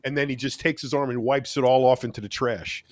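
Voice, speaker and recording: A man's voice: mid-range voice, fairly even intonation, fairly quick, a crowd in the background. A man co-hosting a live fitness chat show, chatting playfully and laughing through his stories. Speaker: podcast co-host. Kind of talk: casual chat.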